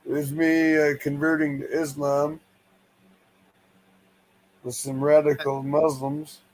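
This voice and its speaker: A man's voice: a little high, little pitch movement, slow pace, darkish tone, a little hiss or hum, low-quality recording. A man from the United States, a guest on a stream, talking in a profane, rambling and blunt way. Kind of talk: casual stream chat.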